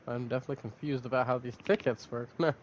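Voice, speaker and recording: A man's voice: mid-range voice, fast, noisy background. Male podcast co-host, mid-range voice, easygoing, reacts with short questions. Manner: laid-back, asks short questions, brief reactions. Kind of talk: casual chat.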